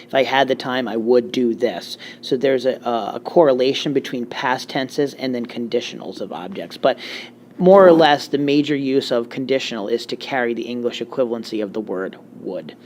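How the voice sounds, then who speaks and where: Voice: mid-range voice, moderate pace, a little mellow, slight background noise. A Spanish teacher giving a recorded grammar lecture, explaining step by step with joking asides.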